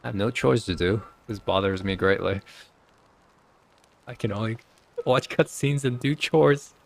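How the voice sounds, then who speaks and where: Deep gravelly-voiced man reading game lines. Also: unhurried. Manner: stumbles through lines with fillers and restarts. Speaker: game streamer. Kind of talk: casual reading of game dialogue aloud. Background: faint game music.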